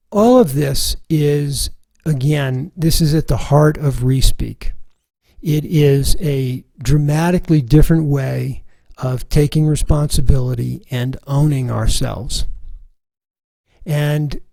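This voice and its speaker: Calm, gravelly-voiced man teaching a course. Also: medium pitch, no room sound, poor audio. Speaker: relationship workshop teacher. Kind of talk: recorded course lesson.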